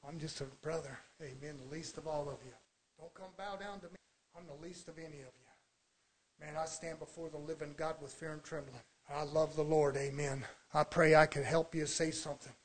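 A man preaching a sermon, swinging between hushed low passages and loud shouted preaching. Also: steady tone, fairly quick.

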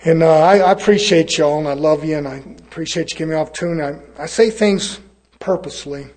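A preacher from California, a man preaching a fiery sermon in a folksy way, swinging from loud to low. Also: quick pace.

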